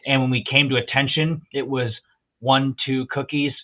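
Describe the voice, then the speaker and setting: A man's voice: medium pitch, normal speed. Profane storytelling man on a tinny line. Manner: profane, animated storyteller, quotes others in voices. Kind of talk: casual storytelling chat.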